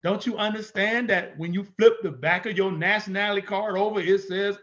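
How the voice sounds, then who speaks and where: High-voiced emphatic male lecturer. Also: a little fast, few pauses, a bit bright, highs cut off. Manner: emphatic, repeats points, rhetorical questions. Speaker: instructor. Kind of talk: teaching lecture.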